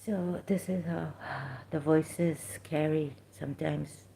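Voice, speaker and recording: A woman's voice: low-pitched, fairly even intonation, slow pace, vocal fry, dark tone, slight background noise. A middle-aged woman from Pakistan, giving unscripted religious commentary in a rambling, hesitant way, full of fillers and restarts.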